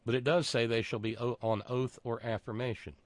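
A man's voice: mid-range voice, steady tone, a little fast, no room sound. A man talking through a casual monologue, sarcastic and digressive, often stopping to restart his sentences.

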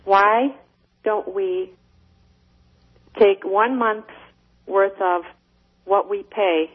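A woman's voice: medium pitch, fairly even intonation, drawn-out words. Eager woman caller on a phone line. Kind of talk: call-in radio chat.

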